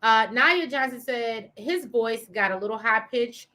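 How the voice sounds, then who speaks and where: A woman's voice: on the high side, a little slow, pushed and bright. A woman co-hosting a casual TV recap show, reading viewer comments aloud and laughing as she talks.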